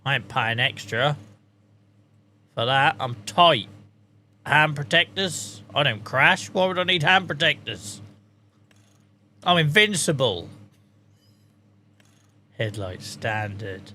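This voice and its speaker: Bright-voiced jokey man. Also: on the high side, animated, slow pace, long pauses, a little hiss or hum. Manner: jokey, swears freely, talks to chat. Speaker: streamer. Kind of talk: casual gameplay commentary.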